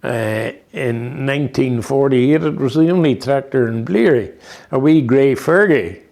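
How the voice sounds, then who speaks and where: A man's voice: mid-range voice, lively intonation, measured pace, creaky, a little mellow. A man in his eighties with a Northern Irish accent, telling rambling anecdotes in an interview with many restarts and fillers. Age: 80s. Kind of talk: reminiscing conversation.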